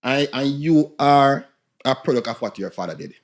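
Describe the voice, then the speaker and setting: A man's voice: medium pitch, normal speed. A man with a Jamaican accent holds forth on a podcast. His mid-range voice rises and drops as he lectures animatedly. He speaks as though setting a younger listener straight. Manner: animated, lecturing, laughs at his own jokes. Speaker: podcast co-host. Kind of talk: casual podcast discussion.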